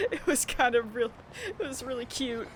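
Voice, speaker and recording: A woman's voice: on the high side, lively intonation, measured pace, a little hiss or hum. A woman streamer chatting casually while playing a game and telling stories with frequent giggles. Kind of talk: casual live-stream gameplay chat.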